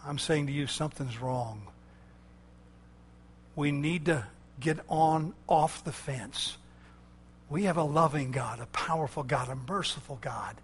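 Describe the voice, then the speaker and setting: Impassioned preacher man, shouting to hushed. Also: a little slow, husky. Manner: impassioned, swinging from loud shouting to low intense tones; repetitive emphatic cadence. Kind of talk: sermon.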